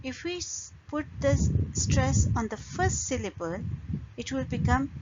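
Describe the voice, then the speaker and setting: Slow, deliberate woman teaching pronunciation. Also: high-pitched, expressive. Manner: deliberate, pausing between phrases, modelling words slowly. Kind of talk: slow explanatory lesson. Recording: dull lo-fi recording with loud noise.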